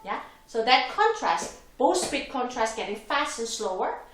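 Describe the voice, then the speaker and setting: A woman's voice: on the high side, sing-song, measured pace, fairly bright tone, far from the mic. A woman teaching a violin lesson, patiently explaining step by step with small slips in her wording. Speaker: violin instructor. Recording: roomy echo, voice from off the mic, violin playing.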